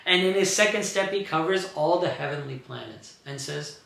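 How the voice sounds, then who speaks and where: Gravelly bright-voiced man teaching. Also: a little high, moderate pace. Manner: explanatory, animated storytelling. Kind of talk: scripture class storytelling. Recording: very echoey room.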